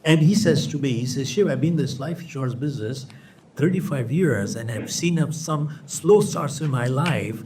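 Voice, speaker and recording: A man's voice: mid-range voice, normal speed. An older man delivers a motivational keynote, calling out to the crowd and acting out the people in his stories. His voice is heard from a distance, with a faint hum of a large hall behind it. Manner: animated, addresses audience as folks, acts out quoted people. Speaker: motivational speaker. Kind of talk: keynote speech with storytelling. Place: large auditorium with audience.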